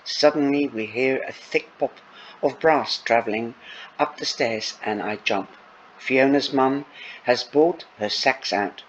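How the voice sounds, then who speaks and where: Slow-reading man narrating an audiobook. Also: medium pitch, a bit bright, slight background noise, low-quality recording. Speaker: audiobook reader. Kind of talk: first-person audiobook narration.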